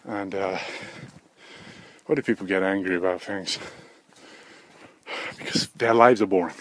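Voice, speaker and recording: A man hosting a solo podcast, rambling through offhand comic musings with frequent swearing and a deadpan delivery. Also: sits low, measured pace, dry recording. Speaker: podcast host.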